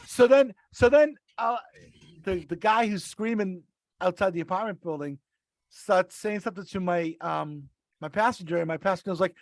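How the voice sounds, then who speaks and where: Brief: male podcast regular, raspy high voice, loose storyteller. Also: normal speed, no room sound. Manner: rambling, restarts mid-sentence. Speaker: podcast regular, rideshare driver. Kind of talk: casual storytelling.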